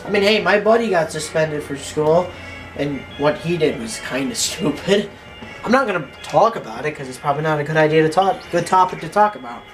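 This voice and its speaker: A gameplay commentator telling a rambling, animated story while playing, acting out quotes in a raised voice. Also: medium pitch, a little fast, over music. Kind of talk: casual storytelling over gameplay.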